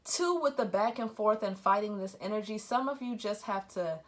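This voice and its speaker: A woman tarot reader talking casually about spirituality, acting out her own thoughts in animated quoted asides. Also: medium pitch, moderate pace.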